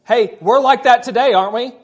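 Male pastor with a high voice, preaching a conversational sermon full of rhetorical questions. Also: fairly quick.

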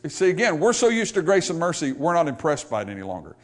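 A male pastor with a somewhat high voice delivers a sermon in church. He rises into loud, pleading calls, then drops to soft, low asides. He keeps drawing the congregation in with questions. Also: big pitch swings, fast. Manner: preaching with big swings between loud high exhortation and quiet low asides.

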